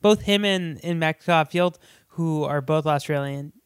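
A man's voice: fairly high pitch, measured pace, clear, resonant tone, no room sound, studio quality. A man co-hosting a casual movie chat, joking and acting out the characters' lines. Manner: jokey, acts out characters' lines in silly voices. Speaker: podcast co-host.

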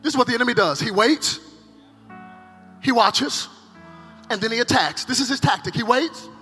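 A male pastor preaching a dramatic sermon at a conference, swinging between loud acted cries and hushed, intense passages. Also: extremely high pitch, normal speed. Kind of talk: energetic sermon. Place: large conference hall. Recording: live sermon with hall reverb and faint music.

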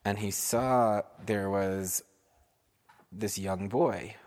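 A man improvising a bedtime story for his children, unhurried and asking them questions along the way. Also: fairly low pitch, fairly even intonation, a little mellow.

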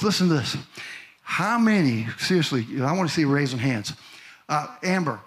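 A male pastor preaching a sermon to a congregation, building from calm talk to loud shouted peaks. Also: on the high side, normal speed. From Missouri. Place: church in front of a congregation.

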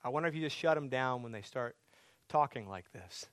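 A man's voice: mid-range voice, lively intonation, fairly quick, a bit bright, no room sound. A man preaching a sermon as pastor, earnest, building to pleading, emphatic questions.

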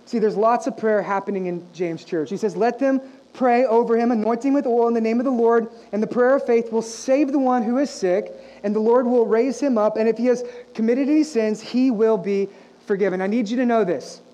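A young adult man preaches to his congregation in a loose, conversational style, tossing out questions to the room. His voice is mellow and warm in tone, and it swings between quiet asides and fired-up, emphatic lines. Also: very high-pitched, fairly quick, highs cut off. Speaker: pastor. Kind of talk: sermon.

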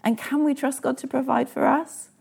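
A woman's voice: high-pitched, steady tone, normal speed, vocal fry, a little mellow, slightly rough. A woman in her thirties preaching a sermon in an earnest, personal way and asking the listeners direct questions.

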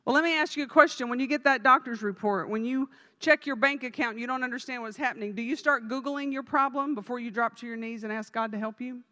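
A woman's voice: fairly high pitch, fast, hardly any pauses, sharp tone, in a large hall. A woman evangelist preaching a sermon in a church, speaking emphatically and directly to the congregation. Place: church sanctuary.

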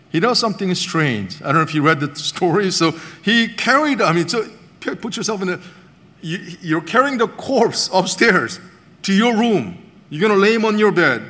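A man preaches a sermon in a high, bright-edged voice, retelling a Bible story with animated storytelling. He slips into the voices of the characters as he goes. The sound carries a long reverb, as in a large hall.

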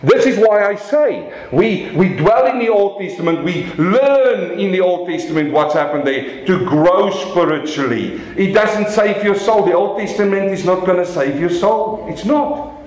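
A man preaching a sermon as pastor, animated, slowing down for emphasis and swinging his voice up and down to make his points. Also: roomy sound, poor audio. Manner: animated preaching with dramatic pitch swings and slow emphatic phrases.

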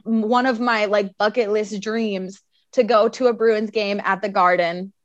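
A woman from Wisconsin, a guest telling lively, animated stories in casual chat. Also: mid-range voice, measured pace, dry recording, muffled recording. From Wisconsin, near the Minnesota border.

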